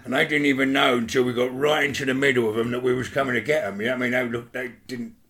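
A middle-aged man telling a rough story in an interview, swearing freely and checking in with "right?". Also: medium pitch, flat delivery, very fast, fairly bright tone. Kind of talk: animated storytelling.

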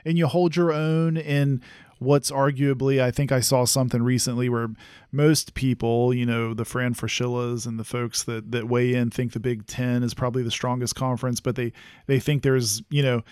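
Rambling man with a smooth voice. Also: medium pitch, flat delivery, normal speed, darkish tone, dry recording, clean studio sound. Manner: rambling, full of fillers and restarts. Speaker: podcast co-host. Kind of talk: casual sports chat.

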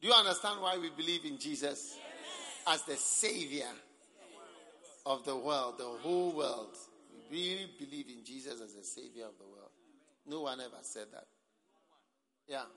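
A man preaching a sermon at a camp meeting, speaking emphatically, often rising to shouts and calling for amens. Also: medium pitch, normal speed, long pauses. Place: large hall at a camp meeting. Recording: echoey hall.

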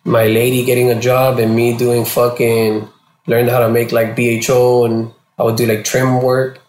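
A man's voice: mid-range voice, moderate pace, a little hiss or hum. Man, from Florida, interview guest, slangy, profane, mid-range voice, roomy echo. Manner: profane and slangy, animated when quoting others. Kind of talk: casual storytelling interview.

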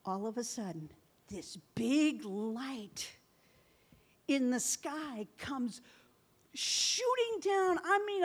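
A middle-aged woman pastor preaching a sermon, telling stories in a chatty way and laughing often. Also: high voice.

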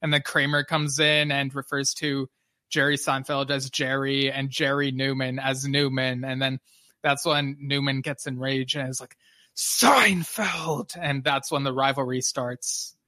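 A man co-hosting a podcast in casual chat, easygoing and quick to laugh. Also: mid-range voice, monotone, bright, forceful tone, dry recording. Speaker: podcast co-host.

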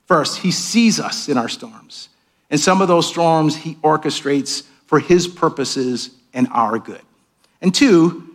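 Man, pastor, sermon, church sanctuary, slightly higher voice, animated, emphatic then hushed. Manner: animated preaching, swings between raised emphatic lines and hushed asides.

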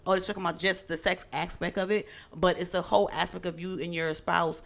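A woman's voice: on the low side, level tone, a little fast, vocal fry, a bit bright. A middle-aged woman co-hosting a married couple's podcast, chatting in a playful, teasing way. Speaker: podcast co-host. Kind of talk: casual chat.

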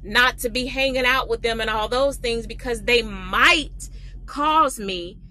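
A woman teaching a livestreamed Bible lesson, reading scripture slowly and then explaining it with emphatic repetition. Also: fairly high pitch, pushed and bright, rough recording.

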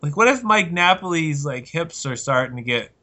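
A man's voice: fairly high pitch, expressive, normal speed, sharp tone. A man co-hosting a casual sports podcast, trading playful teasing banter. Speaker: podcast co-host. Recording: dull lo-fi sound.

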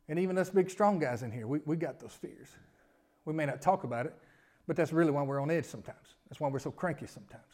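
Man, pastor, higher-pitched voice, emphatic sermon delivery with sudden quiet drops. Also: animated, fast. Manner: preaching with wide swings from loud emphasis to quiet asides; repetitive, building lists of rhetorical questions.

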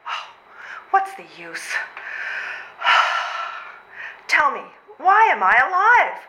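A woman's voice: high voice, sharp tone, full character voice. A woman playing a frazzled, breathless civil servant mother. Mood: despairing. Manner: overwrought, exclaiming, sighing. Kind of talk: readers' theatre stage comedy. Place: old train station before a live audience. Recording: roomy hall sound.

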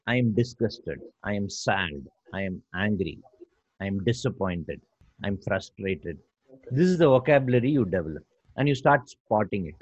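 A man's voice: lowish voice, expressive, moderate pace, no room sound. A man teaching about awareness, explaining step by step and acting out little stories. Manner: didactic, repeats points, acts out quotes. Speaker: guest speaker. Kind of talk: explanatory talk with storytelling. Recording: dull lo-fi recording, faint music.

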